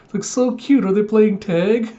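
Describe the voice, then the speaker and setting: A man's voice: sits high, moderate pace, mellow, pitched above the performer's own voice, close to an everyday voice. A man putting on a cooing female onlooker. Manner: cooing, gushing. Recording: slightly muffled lo-fi audio.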